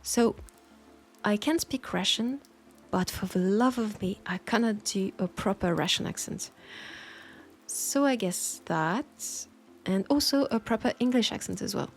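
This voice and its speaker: A soft-spoken woman with a French accent answers listener questions at a measured, thoughtful pace, pausing with small hesitations. Her voice sits at an ordinary middle pitch. Faint music plays softly behind her. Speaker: audio roleplay creator answering listener questions. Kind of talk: Q&A talk.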